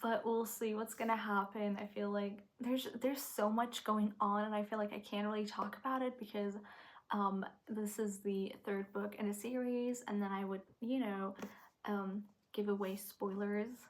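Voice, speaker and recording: A young woman vlogging about her reading, excitable and gushing, sometimes dropping to a nervous whisper. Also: mid-range voice, moderate pace. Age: young adult. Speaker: book vlogger. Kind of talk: casual vlog talk to camera.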